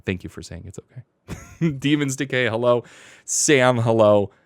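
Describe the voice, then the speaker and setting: A man's voice: medium pitch, lively intonation, unhurried, dry recording, clean studio sound. A man hosting a live reaction stream, talking in a hyper, playful, rambling way, laughing often and reading out chat names. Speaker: streamer host.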